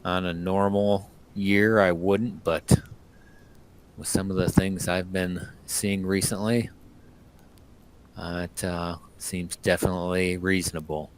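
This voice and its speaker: A man voicing a gruff young male ranger of the woods, blunt and grumbling in his manner. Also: deep voice, flat delivery, takes it slowly. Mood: grave.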